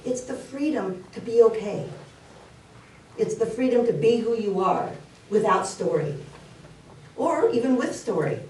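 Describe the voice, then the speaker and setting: A woman's voice: a little high, lively intonation, measured pace, pauses often, dark tone, slight background noise. A woman giving a spiritual talk, telling stories earnestly and repeating key phrases. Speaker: spiritual speaker. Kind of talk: sermon. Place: church hall. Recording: roomy hall, mic at a distance.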